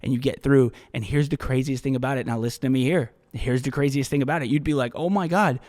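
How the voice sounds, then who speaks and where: A man hosting a solo podcast, telling a story in casual, profane, animated monologue. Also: mid-range voice, fast, in a large hall. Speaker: podcast host.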